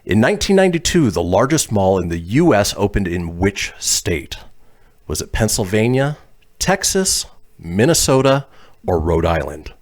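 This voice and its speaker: A man's voice: on the low side, big pitch swings, normal speed. A man hosting a pop culture trivia quiz on a podcast, reading out questions and multiple-choice options. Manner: reads questions and options, laughs easily. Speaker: game show host.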